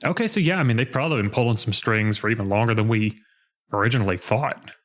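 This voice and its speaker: A man's voice: lowish voice, fast talker. A man co-hosting a podcast, talking about a video game in an easygoing way, hedging with lots of "like" and "kinda". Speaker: podcast co-host. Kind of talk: casual game discussion.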